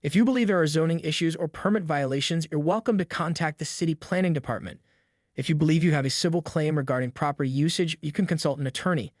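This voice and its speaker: A synthetic male narrator voice speaking as a calm, professional police sergeant who stays firm but polite. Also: fairly high pitch, fast talker, dry recording, studio quality, natural voice. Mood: composed.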